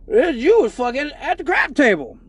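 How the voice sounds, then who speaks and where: A man doing a slow, stern TV judge. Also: very high voice, wildly swooping pitch, a bit bright, pitched above the performer's own voice, full character voice. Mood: mock-stern. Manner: slow, drawn-out, mock-official delivery. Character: stern male TV courtroom judge reading a charge.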